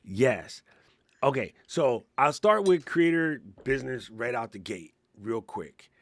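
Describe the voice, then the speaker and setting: A middle-aged man co-hosts a podcast of casual tech and creator chat, laughing as he walks through things step by step. His mid-range voice is expressive and unhurried, and the recording is dry.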